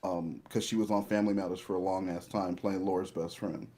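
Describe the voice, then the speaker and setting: A man's voice: sits low, steady tone, a little fast, crowd noise. A man giving casual commentary over an old TV show, rambling through trivia with casual swearing. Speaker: co-host of a watch-along.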